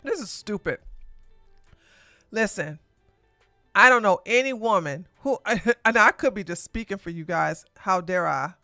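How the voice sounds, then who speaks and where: A woman hosting a live political commentary stream, animated and sarcastic, exclaiming and talking to her chat. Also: medium pitch, measured pace, long pauses, no echo, studio quality, faint music behind. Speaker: podcast host.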